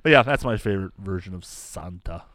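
A man's voice: low voice, lively intonation, a little fast, fairly bright tone, no room sound, clean studio sound. A man co-hosting a podcast in casual chat, talking enthusiastically and gushing about what he likes. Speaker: podcast co-host.

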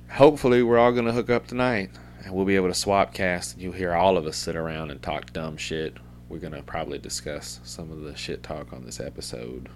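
A man's voice: deep voice, slight background noise. A middle-aged man hosting a podcast, rambling in a loose, profane, casual way. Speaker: podcast host.

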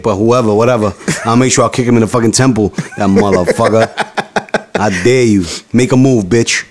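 A young man joking profanely in a casual podcast chat. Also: mid-range voice. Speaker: podcast co-host.

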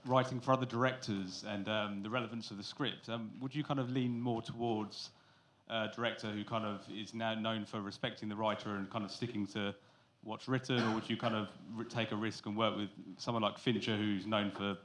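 A man's voice: lowish voice, fairly even intonation, a little fast, a bit bright. A man in the audience asking the panel a question, hesitant and full of fillers.

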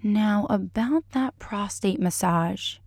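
A woman's voice: medium pitch, slow, a little mellow, dry recording, clean studio sound. A woman doing Scully, cool and clinical. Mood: teasing. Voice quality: haughty, clinically level. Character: composed female doctor, dry and teasing.

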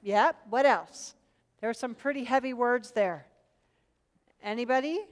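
In a large hall, a woman with a fairly high voice guides a group Bible study at a measured pace. She's earnest, tends to repeat words when beginning a thought, and poses questions to those gathered.

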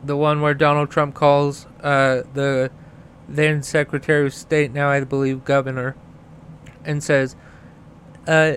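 Unhurried and flat in delivery, this man's slightly high, fairly bright voice comes with a little hiss or hum. Hosting a podcast, he goes on a heated, profanity-laced political rant, his stutter causing repeated sounds and words at the starts of phrases.

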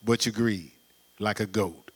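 A man preaching a sermon in a loose, conversational way, full of rhetorical questions and quick laughs. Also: lowish voice, husky. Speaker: pastor.

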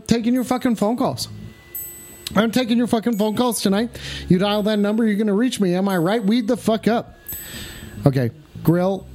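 A man hosting a livestream from home with rowdy, profane banter, shouting catchphrases at the camera. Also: high-pitched. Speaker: livestream host.

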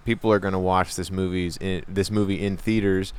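Smooth-voiced young man, chatty. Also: sits low, level tone, a little fast, a little mellow. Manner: rambling, restarts, joking. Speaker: co-host reacting to a movie trailer. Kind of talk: casual chat.

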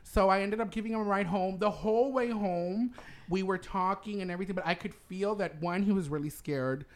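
A man hosting a podcast, telling a personal story in a campy, animated way and laughing often as he talks. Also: high voice, a little fast. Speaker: podcast host. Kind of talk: casual storytelling chat.

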